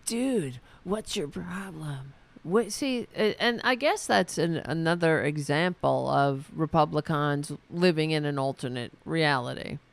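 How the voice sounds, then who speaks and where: A man with a fairly high, creaky voice and clean tone hosts a solo political commentary show. He rants angrily with sarcasm and profanity, halting often with restarts and fillers.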